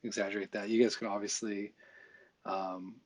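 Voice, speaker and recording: A man talking through a software tutorial in a casual, think-aloud way, with fillers and small asides as he works. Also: fairly low pitch, level tone, normal speed, no room sound. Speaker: visual effects tutorial instructor. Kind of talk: screen-recorded software tutorial.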